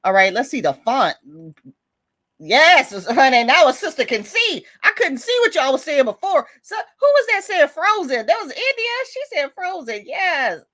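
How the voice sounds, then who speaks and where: Chatty female livestream host, bubbly, laughs a lot, high voice that jumps around. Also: normal speed. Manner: chatty, laughing often, animated with viewers. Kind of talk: casual livestream chat reading comments.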